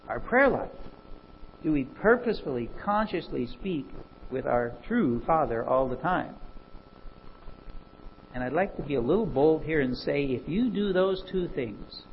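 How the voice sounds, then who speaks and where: A man preaching a sermon, animated and full of rhetorical questions. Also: fairly high pitch, highs cut off, slight background noise.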